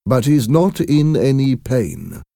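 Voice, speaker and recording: A man voicing a nervous, formal company messenger in a storybook reading, speaking slowly and stiffly. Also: mid-range voice, sing-song, creaky, mellow, no echo, clean studio sound, voice pushed up, heavily acted. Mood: somber.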